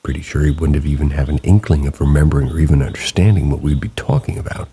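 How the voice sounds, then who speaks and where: A man with a very low, gravelly voice reads true ghost encounters in a slow, hushed late-night way. His tone is dark and husky. Steady rain falls in the background. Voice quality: very deep gravelly voice. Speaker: narrator reading submitted stories. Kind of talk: scripted narration of stories. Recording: rain sounds behind the voice.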